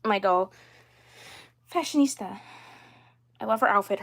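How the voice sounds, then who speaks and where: A woman chatting casually while showing her dolls, rambling with fillers and frequent throat clearing. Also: medium pitch, lively intonation, normal speed, pauses often. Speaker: doll collector livestreamer.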